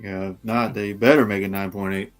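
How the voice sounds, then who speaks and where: A man's voice: on the low side, little pitch movement, brisk, faint music behind. A man co-hosting a casual stream, teasing his friends and laughing often. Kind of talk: casual chat.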